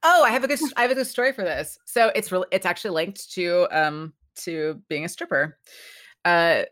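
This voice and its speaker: A woman chatting casually as a podcast guest, telling lively stories and acting out the people she quotes. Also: fairly low pitch, a little fast. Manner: animated, acts out quoted voices. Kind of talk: casual storytelling chat.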